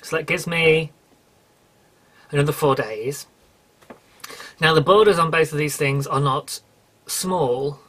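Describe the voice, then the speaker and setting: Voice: mid-range voice, a bit bright. A podcast host with a British accent, chatting alone in a rambling way, correcting and apologising as they go. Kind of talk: casual solo podcast chat.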